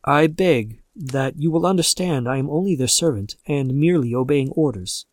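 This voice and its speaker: A man voicing a nervous male messenger who speaks slowly and formally while delivering bad news. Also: medium pitch, expressive, no room sound, studio quality, natural voice. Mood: somber. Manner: halting, slow, formal.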